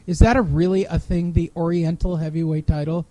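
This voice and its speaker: A man with a notably high voice hosts a casual podcast, reading an article aloud and stopping to mock its typos with profane sarcasm. The recording is close and dry, with no room sound. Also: little pitch movement, brisk, warm tone, no echo, low-quality recording. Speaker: podcast host.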